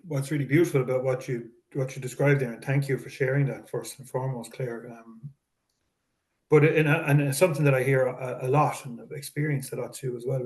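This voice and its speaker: A man interviewing a guest, speaking thoughtfully and haltingly, with many restarts. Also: medium pitch. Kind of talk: reflective interview talk.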